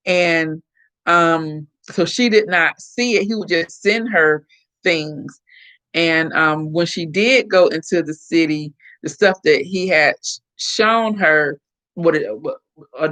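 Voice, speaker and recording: A woman's voice: on the low side, a bit bright. A middle-aged woman from Florida chatting casually with viewers on a live stream and telling family stories with lots of back-and-forth. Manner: chatty storyteller, acts out quoted voices.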